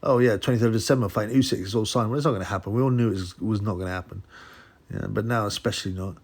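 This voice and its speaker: A man hosting his boxing channel, musing out loud in a rambling, casual way with many restarts. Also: on the low side, racing. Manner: rambling, restarts, mock voices for quotes. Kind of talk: casual solo commentary.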